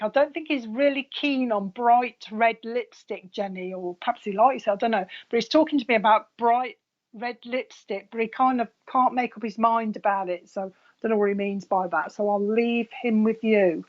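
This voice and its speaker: A woman's voice: a little high, normal speed, muffled recording. A woman working as a psychic medium, giving a live reading in a chatty way with frequent laughs.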